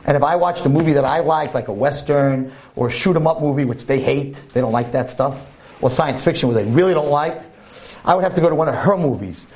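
A man's voice: fairly high pitch, fairly quick, a little mellow. A man giving a storytelling holiday sermon, humorous and preachy by turns. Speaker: speaker at a holiday talk.

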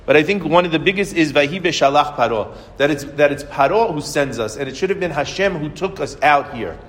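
A man teaches the weekly Torah portion, asking questions and answering them himself in a lively way. His voice sits a little high. The sound trails off in a long reverb, as in a hall. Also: a little fast.

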